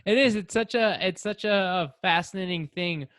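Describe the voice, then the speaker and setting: Upbeat higher-voiced man hosting. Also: moderate pace, fairly bright tone, smooth, no echo, clean studio sound. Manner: enthusiastic, laughs often, fills with "like". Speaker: podcast host. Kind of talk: casual podcast interview.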